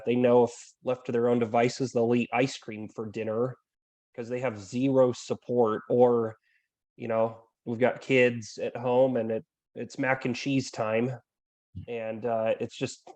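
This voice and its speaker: Flat, steady-voiced man explaining. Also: mid-range voice, measured pace, muffled recording. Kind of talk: panel discussion on a video call.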